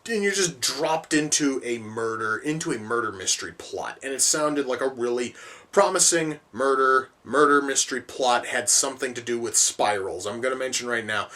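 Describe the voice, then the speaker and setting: A man tears into a film in a profanity-laden, exasperated rant, tripping over his words and restarting sentences as he goes. His voice sits a little back from the microphone, at an ordinary middle pitch. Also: lively intonation, normal speed, bright, forceful tone, far from the mic. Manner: exasperated, swears heavily, rambling with restarts. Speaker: movie reviewer. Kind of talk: profane movie reaction rant.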